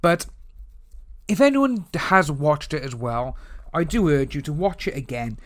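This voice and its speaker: A man from Wales with a Welsh accent, giving a rambling, animated commentary vlog from home. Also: on the high side, unhurried. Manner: rambling, animated, stumbling restarts. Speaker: YouTube commentator. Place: home room with open window.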